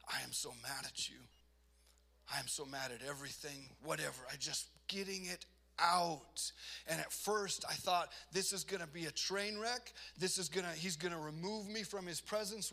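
Male pastor, somewhat high, bright voice; earnest testimony that builds to emphatic peaks. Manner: self-deprecating, laughs at himself. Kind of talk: personal testimony sermon.

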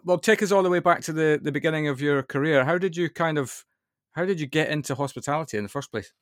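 A man's voice: a little high, quick pace, no echo. Scottish male host, chatty and joking, dry close sound. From Scotland. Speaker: podcast host. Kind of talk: casual interview chat.

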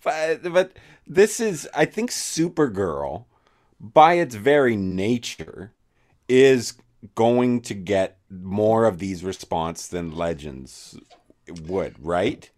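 A man's voice: lowish voice, animated, slow, a little mellow. A man co-hosting a podcast in casual chat, rambling and profane with many restarts. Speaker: podcast co-host.

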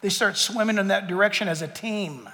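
A male pastor delivers a sermon in a large church hall, his voice unusually high and sharply bright. He swings between emphatic near-shouts and low, hushed asides. A long reverb trails behind every phrase. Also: a little fast.

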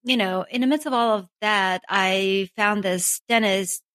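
A woman's voice: mid-range voice, a little slow, a bit bright, no echo. A woman from Armenia, telling her own story in a chatty way, full of asides and self-mocking laughs. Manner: chatty, many asides like "you know" and "right?", laughs at herself. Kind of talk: casual storytelling.

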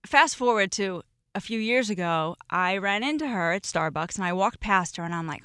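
A woman's voice: medium pitch, animated, normal speed, bright, forceful tone, clear, resonant tone, no room sound, clean studio sound. A woman in her forties, a podcast guest, telling old stories in a casual chat, emotional and laughing often. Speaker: podcast guest, former roommate.

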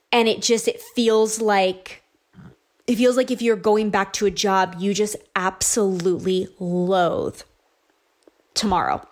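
A woman's voice: medium pitch, normal speed. A woman in her thirties telling a personal story in a casual, chatty way, with many fillers and quoted asides. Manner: chatty, animated, lots of likes and ums.

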